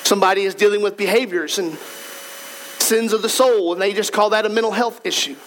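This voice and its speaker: High-voiced man preaching a sermon. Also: brisk, a bit bright, slight background noise. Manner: emphatic, repetitive, rhetorical questions. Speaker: pastor.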